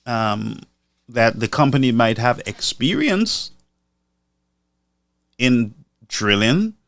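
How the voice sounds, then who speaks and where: Guy talking real slow on a live stream, dry close sound, repeats his numbers. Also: mid-range voice, fairly bright tone, dry recording. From Saint Lucia. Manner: deliberate, repeats figures for emphasis. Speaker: commentator.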